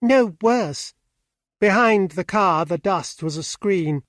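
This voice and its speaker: A man narrating an audiobook with steady, even storytelling on a close mic. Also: high voice, a little slow, no room sound. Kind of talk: scripted narration.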